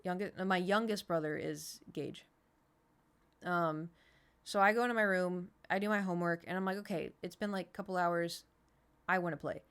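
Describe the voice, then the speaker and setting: A woman's voice: fairly low pitch, normal speed, a bit bright, clean tone. Chatty woman streamer telling stories. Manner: rambling storyteller, answers chat between anecdotes. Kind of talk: casual chat.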